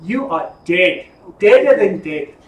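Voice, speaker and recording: Man voicing a sassy threatening queen, high voice, echoey room, far from the mic. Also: lively intonation, slow pace. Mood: haughty. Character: scheming haughty queen, woman.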